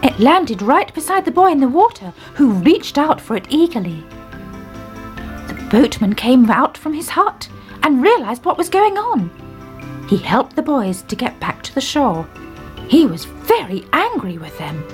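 High, animated woman reading a kids' story. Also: unhurried, soft background music.

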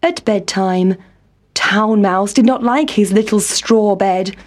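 A woman reading a children's story aloud in a gentle, clear storybook manner. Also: medium pitch, takes it slowly.

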